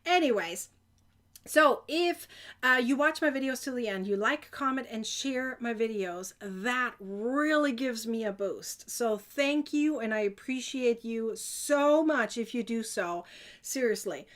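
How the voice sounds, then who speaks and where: A woman with a foreign accent, chatting excitedly to viewers on a live stream from home, with frequent laughs and bursts of enthusiasm. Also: fairly high pitch, measured pace. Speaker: crochet designer and live-stream host. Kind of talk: casual live-stream chat.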